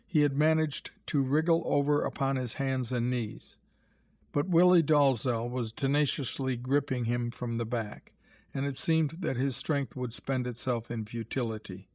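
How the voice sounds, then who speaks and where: Brief: male narrator for a graded reader, mid pitch, dry and close. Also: no room sound. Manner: measured, even storytelling.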